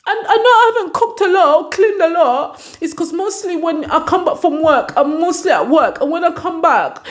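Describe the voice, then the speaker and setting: A woman's voice: lowish voice, level tone, normal speed, voice pushed down, natural voice. A woman voicing a tearful young man who protests through sobs that he has done enough. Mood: crying, pleading. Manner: whiny, sobbing protests. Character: tearful young man pleading with his partner.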